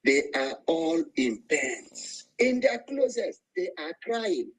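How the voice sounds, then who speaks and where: A man's voice: on the high side, very animated, slow, breathy edge, rough recording. A man with a Nigerian Igbo accent giving an angry, emotional speech to an online voice room, calling out to listeners. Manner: emotional, angry, preaching, rising to cries. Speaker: speaker in an online activist voice room.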